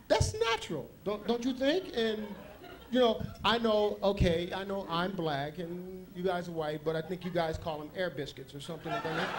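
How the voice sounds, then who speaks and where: A man doing a stand-up comedy set on a club stage, telling loose, rambling stories with asides. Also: high-pitched.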